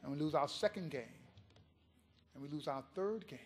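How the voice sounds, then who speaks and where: A man giving a keynote speech, telling a story in an impassioned, animated way. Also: a little high, moderate pace, slightly rough, long reverb tail. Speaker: keynote speaker.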